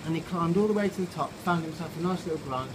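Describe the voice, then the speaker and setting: This tipsy man speaks at a quick pace in a slightly high voice, ad-libbing his own children's story with curses and laughter. It was recorded outside a pub with heavy outdoor background noise.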